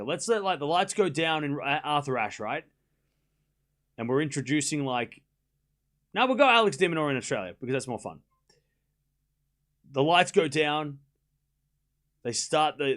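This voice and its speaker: Rambling young man streaming tennis talk. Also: medium pitch. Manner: rambling, filler-heavy, excitable, mocking. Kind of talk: casual live-stream chat.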